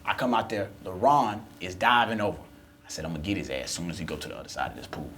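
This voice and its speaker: Fast, animated man telling a story. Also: sits low. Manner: loud, lively storyteller, acting out the characters' voices. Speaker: podcast co-host.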